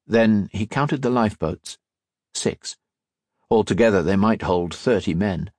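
A man narrating an audiobook in an expressive storytelling manner. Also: on the low side, measured pace, dry recording, studio quality. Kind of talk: scripted narration.

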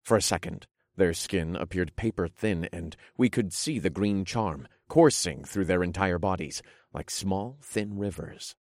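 A man reading a first-person fantasy audiobook in an even, measured way. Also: low-pitched, no echo, studio quality. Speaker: audiobook narrator.

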